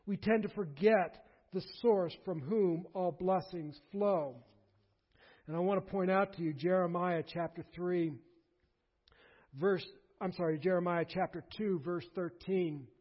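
A man preaches with a fairly high voice, pressing hard on repeated phrases as his force builds. The recording is muffled and lo-fi. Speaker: pastor. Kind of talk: sermon.

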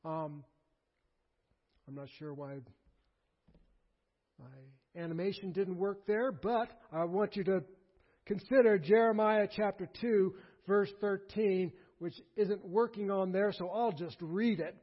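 A man preaches with a fairly high voice, pressing hard on repeated phrases as his force builds. The recording is muffled and lo-fi. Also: takes it slowly, long pauses. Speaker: pastor. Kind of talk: sermon.

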